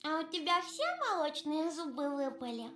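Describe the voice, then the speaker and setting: A woman's voice: sits high, brisk, a bit bright. An actress voicing an anxious little girl, a younger sister in a video game, speaking in an earnest, pleading way.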